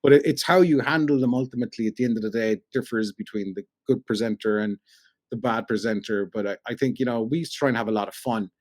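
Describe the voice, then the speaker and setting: An Irish radio presenter from Cork is a podcast guest, rambling through stories in a chatty way with lots of "you know"s. He talks fast in a mid-range, darkish voice, and there's no room sound.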